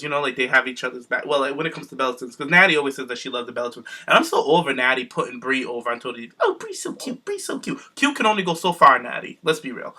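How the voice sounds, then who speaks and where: A man's voice: fairly high pitch, pushed and bright. A man co-hosting a podcast, giving sassy, profane commentary in casual chat. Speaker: podcast co-host.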